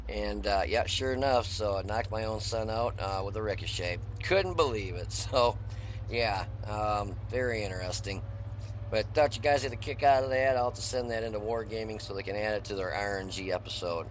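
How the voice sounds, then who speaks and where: A man's voice: on the low side, moderate pace, slight background noise. A middle-aged man casually talking through a replay of his tank game, chatty and folksy with lots of "uh" fillers. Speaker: gaming channel host. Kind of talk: casual gameplay commentary.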